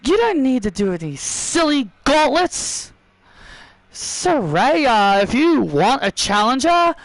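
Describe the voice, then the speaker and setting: A man's voice: extremely high pitch, a bit bright, dry recording, heavily acted, rough recording. A man voicing a smug female wrestler who drags out her words as she volunteers for a fight. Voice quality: drawn-out, slow delivery.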